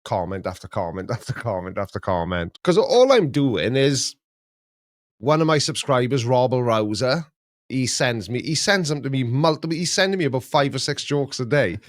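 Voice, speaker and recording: A man's voice: medium pitch, expressive, moderate pace, no echo, clean studio sound. A man hosting a casual live stream, chatting in a rambling, jokey way with many restarts. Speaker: host.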